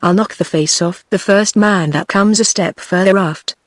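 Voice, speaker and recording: A text-to-speech woman's voice reading the lines of a bullying old male first mate, shouting threats, dry close sound. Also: high voice, moderate pace, no room sound, close to an everyday voice. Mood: angry.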